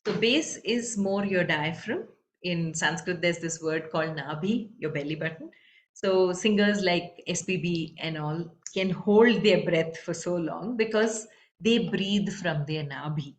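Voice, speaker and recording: A woman talks as a voice and leadership coach, patiently explaining breathing exercises in a lowish, steady voice. She sounds instructive and calm. The recording has a roomy echo and a faint hiss underneath. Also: measured pace. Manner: calm, instructive, guides the listener through breathing and chanting. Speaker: leadership and voice coach, interview guest. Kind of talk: explanatory interview advice. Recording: roomy with faint background noise.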